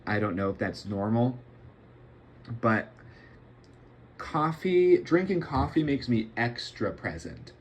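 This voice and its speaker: A man's voice: mid-range voice, big pitch swings, slow, pauses often, slight background noise. A young man rambling and joking while he plays a puzzle game late at night, often poking fun at himself. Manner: joking, self-deprecating, rambling. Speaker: gameplay streamer.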